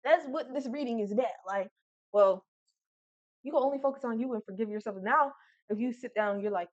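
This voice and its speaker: A woman's voice: fairly high pitch, fairly quick, no room sound, dull audio. A woman giving a casual spoken reading, blunt and profane, talking frankly to the listener. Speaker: tarot reader.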